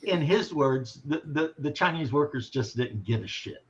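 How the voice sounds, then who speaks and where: A man's voice: fairly high pitch, animated, normal speed. A man in casual chat, telling rambling, wry family anecdotes. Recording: dull lo-fi sound.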